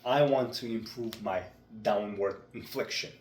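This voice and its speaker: A young man talking through his speaking practice in a vlog, with a deliberate, measured delivery. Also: on the low side, a little mellow, a little hiss or hum. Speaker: vlogger. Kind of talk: reflective speech-practice vlog. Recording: roomy echo.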